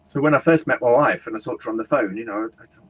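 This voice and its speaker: A man from the United Kingdom, a humorist, telling an anecdote in a relaxed interview and slipping into voices for the people he quotes. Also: medium pitch, racing, low-quality recording. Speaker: guest speaker and humorist. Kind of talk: casual storytelling interview.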